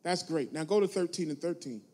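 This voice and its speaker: A man preaching a sermon to his congregation, using call-and-response and moving between quiet asides and loud, emphatic points. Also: fairly high pitch, animated, brisk. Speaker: pastor.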